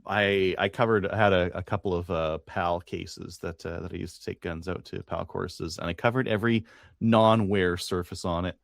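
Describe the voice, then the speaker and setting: A Canadian man co-hosts a podcast, chatting casually and rambling with plenty of fillers and restarts. His deep voice is steady with vocal fry and a moderate pace, in a dry, studio-quality recording.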